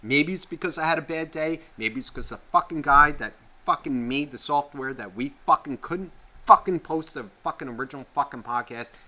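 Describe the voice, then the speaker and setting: A man co-hosting a podcast, ranting with constant swearing and sudden loud outbursts. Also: mid-range voice. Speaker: podcast co-host. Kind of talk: casual podcast rant.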